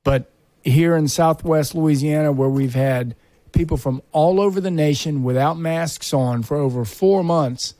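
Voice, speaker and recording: A man's voice: fairly high pitch, unhurried, dark tone, dry recording. A man hosting a podcast, rambling and wry in casual banter. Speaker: podcast host.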